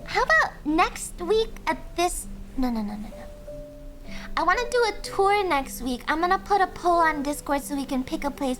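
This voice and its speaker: Young woman streamer, very high soft voice, giggly, chatty, faint music underneath. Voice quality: high voice, speaking softly. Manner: giggly, chatty, reads chat aloud. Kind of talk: casual chat with viewers. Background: faint background music.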